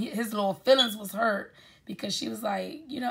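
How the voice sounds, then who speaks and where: A woman chats her way through a TV episode recap, leaning on um and like as she goes. Her voice has a gravelly fry and a husky edge. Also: fairly high pitch, fairly even intonation, a little fast, a bit bright. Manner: chatty, full of um and like fillers. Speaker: YouTube recap host. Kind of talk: casual TV recap chat.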